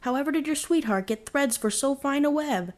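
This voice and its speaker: A woman voicing a gentle, fair-minded old farmer speaking to his sons in a bedtime storybook reading, in a measured, fatherly way. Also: high voice, lively intonation, pitched above the performer's own voice.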